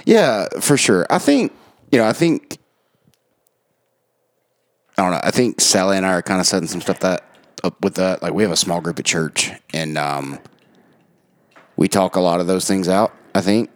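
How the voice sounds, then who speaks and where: A man co-hosting a podcast, agreeable and thinking out loud in casual chat. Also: low voice, animated, normal speed, pauses often, dry recording. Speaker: podcast co-host.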